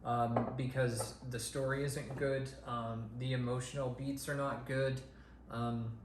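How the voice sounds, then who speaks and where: A man's voice: medium pitch, flat delivery, measured pace. A man co-hosting a podcast, giving a casual movie review with lots of ums and restarts. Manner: rambling, many ums and restarts. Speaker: podcast co-host. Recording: echoey room with faint hiss.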